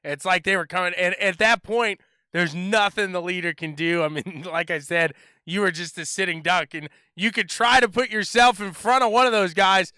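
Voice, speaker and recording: A man's voice: sits high, fairly even intonation, moderate pace, bright, forceful tone, clean tone, no echo. A man interviewing drivers after a race in an upbeat, hyped sports-broadcaster manner. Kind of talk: post-race interview on a sim racing broadcast.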